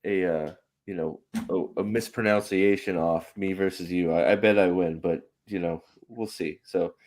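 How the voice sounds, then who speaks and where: Low-voiced man hosting a rambling stream. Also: steady tone, a little mellow. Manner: rambling, halting restarts, laughs easily. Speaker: host. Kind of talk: casual livestream chat.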